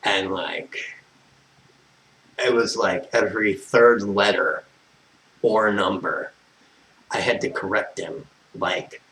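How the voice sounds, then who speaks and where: A man's voice: on the low side, takes it slowly, pauses often, a bit bright, rough recording. An American man telling a personal story as a vlogger, exasperated and swearing constantly, wandering off on tangents. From United States. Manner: profane, exasperated, tangent-prone.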